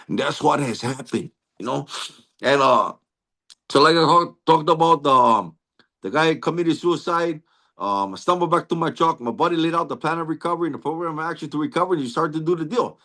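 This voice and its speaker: A man's voice: a little high, a little fast, pushed and bright. A man with a Hawaiian Pidgin-inflected accent giving an earnest personal recovery testimony, tagging nearly every phrase with "right?" and restarting often. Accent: Hawaiian Pidgin-inflected English. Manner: frequent restarts and stammered repeats. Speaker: recovery meeting speaker.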